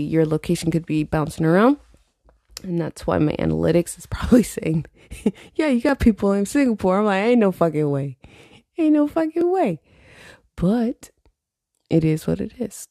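On her casual solo podcast, a late-twenties woman talks loosely, laughs a lot and doesn't hold back on profanity. She has a fairly low, warm voice with vocal fry, and the sound is dry and studio quality.

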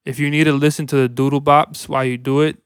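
A man's voice: medium pitch, level tone, quick pace, clear, resonant tone, no echo, clean studio sound. A man co-hosting a casual podcast, joking crudely in a laid-back way with lots of fillers. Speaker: podcast co-host.

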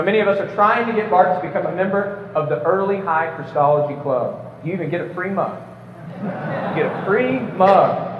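A man with a high voice delivers an emphatic, prepared debate speech to a live audience, lecturing with occasional stumbles and light jokes. The recording has a little hiss or hum and was captured in an echoey hall with a distant mic, sounding slightly dull.

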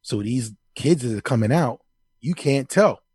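A middle-aged man co-hosting a casual podcast, telling profane stories in an animated way. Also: mid-range voice, unhurried, husky, dry recording. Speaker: podcast co-host. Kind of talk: casual chat.

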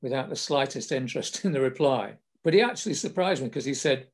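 An older Englishman hosts a podcast, spinning wry, self-deprecating anecdotes in a relaxed storytelling style. His mid-range voice is animated, and he talks fast.

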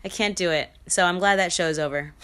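Woman podcast host, lowish voice, casual solo chat, blunt and playful, laughs a lot. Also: fairly bright tone, smooth. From mixed heritage. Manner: chatty, blunt, laughs often, playful sing-song asides.

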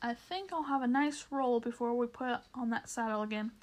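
A woman's voice: a little high, moderate pace, a little mellow, natural voice. A woman voicing a proud, slightly anxious male talking horse in a storybook reading, with formal, old-fashioned phrasing. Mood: pleased.

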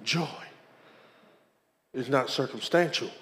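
A man's voice: mid-range voice, slow pace, a bit bright, long reverb tail. A man, preaching a sermon as a pastor and calling out to the congregation as he tells his story.

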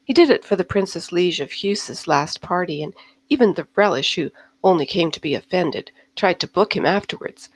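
A woman's voice: fairly low pitch, animated, normal speed, no echo. A woman voicing a chatty noblewoman who clucks and gossips eagerly.

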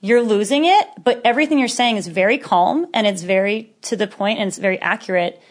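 A woman in her thirties, a podcast guest in casual conversation, telling stories with lively acted-out quotes and frequent laughter. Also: medium pitch, fast talker. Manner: animated storyteller who acts out quotes, laughing often.

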